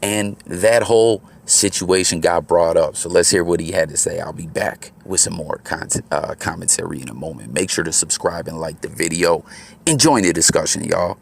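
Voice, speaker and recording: Man, very low voice, slangy laid-back commentary, recorded on the move. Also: moderate pace, gravelly, a little hiss or hum. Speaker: commentary channel host. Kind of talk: casual commentary. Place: outdoors on the move.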